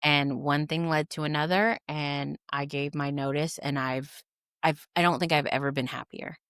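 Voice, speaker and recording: Low-voiced woman telling animated stories. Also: moderate pace, clear, resonant tone, dry recording, clean studio sound. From Kentucky. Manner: animated, acts out quotes with voices. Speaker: guest, bookstore owner. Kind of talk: casual storytelling.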